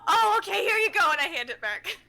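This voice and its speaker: Woman player, very lively and sharp-toned, excitable and quick to laugh. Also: high voice. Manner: excitable, giggly, gushing. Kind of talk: tabletop game play, casual chat.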